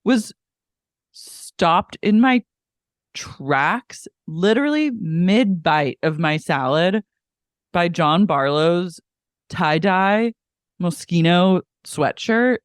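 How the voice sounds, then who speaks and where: A man's voice: high-pitched, expressive, very slow, smooth, no room sound, clean studio sound. A man co-hosting a podcast, telling gossip in a dramatic, indignant, campy way. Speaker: podcast co-host. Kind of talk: casual reality-TV recap chat.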